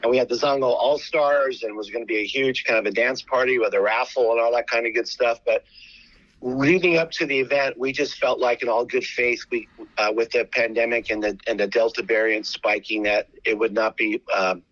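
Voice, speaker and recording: A charity founder with an American accent, telling animated stories with many restarts in a radio interview. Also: male voice, mid-range voice, fairly quick, no echo, lo-fi sound.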